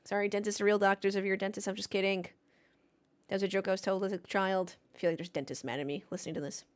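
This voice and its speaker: A woman's voice: mid-range voice, fairly even intonation, fast talker. Woman, streamer, playful and jokey, casual live chat, desk mic. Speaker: streamer hosting a race watchalong.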